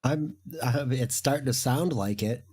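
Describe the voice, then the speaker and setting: A man's voice: medium pitch, unhurried, a little mellow, husky. A man co-hosting a casual chat, speaking hesitantly with many fillers and apologies. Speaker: co-host.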